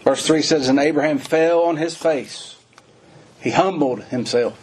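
A man preaching a sermon, reading scripture and explaining it in plain folksy talk, rising to fervent emphasis and slowing on key words. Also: a little mellow, a little hiss or hum. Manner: rises to high, fervent emphasis and slows on key phrases; reads scripture in old-fashioned wording, then explains in plain folksy talk.

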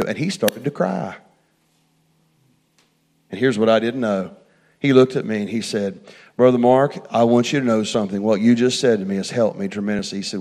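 A middle-aged man preaching a sermon, telling a personal story and swinging from hushed asides to loud, fervent passages. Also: on the low side, a little fast, pauses often.

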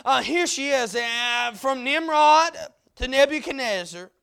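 A male preacher with a strikingly high, gravelly voice delivers a sermon. He sinks to near-hushed passages and then climbs into loud, emphatic peaks, hammering single words again and again. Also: a little slow. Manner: repeats key words for emphasis.

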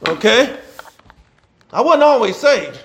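A middle-aged preacher man with a very high, gravelly voice. He talks in a folksy, animated way, firing rhetorical questions at the congregation. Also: takes it slowly, a little hiss or hum. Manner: folksy dialect, laughs between points. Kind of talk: sermon.

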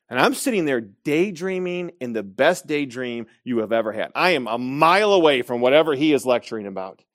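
A man's voice: a little high, no room sound. A man from Michigan delivers a sermon in a slightly raised voice, drawing out key phrases for emphasis. He moves between personal stories and exhortation. The recording is close and dry. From Michigan, USA. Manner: storytelling, emphatic with slow stressed phrases. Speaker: preacher.

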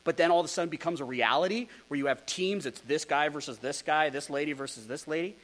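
A male pastor preaching an expository sermon, animated and rhetorical, with ironic asides to his congregation. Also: fairly high pitch, fast.

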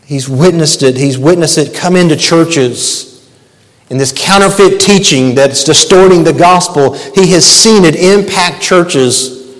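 A man's voice: fairly high pitch, measured pace, big-room sound, rough recording. A man preaching a sermon as pastor, emphatic and repeating key phrases for weight.

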